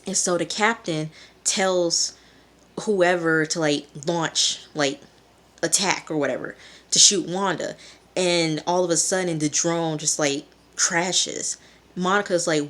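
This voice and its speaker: Chatty woman with a low-pitched voice. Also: fairly even intonation, measured pace. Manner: chatty, rambling, with frequent fillers. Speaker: TV reviewer. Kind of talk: casual recap and review. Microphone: phone camera held in hand.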